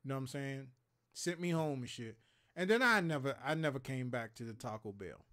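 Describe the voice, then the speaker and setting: A man's voice: mid-range voice, animated, brisk, sharp tone. A man in his thirties from Maryland, hosting a show and telling stories in casual, profane chat, acting out quotes and sound effects.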